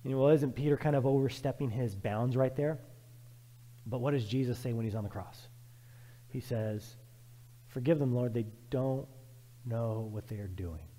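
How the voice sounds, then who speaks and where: A man preaching a sermon as pastor, emphatic and repetitive, swinging from loud urging to quiet, reflective passages. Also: medium pitch, normal speed, long pauses, long reverb tail.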